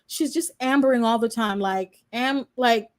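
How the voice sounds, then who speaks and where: A woman's voice: on the high side, unhurried. A woman in her twenties, a law student reacting live and chatting straight to her viewers. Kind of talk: live reaction stream commentary.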